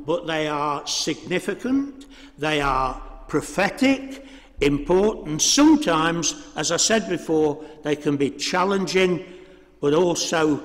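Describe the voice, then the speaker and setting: A man preaching a sermon in a church, measured and full of rhetorical questions. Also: a little high, a bit bright. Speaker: priest. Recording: reverberant church hall.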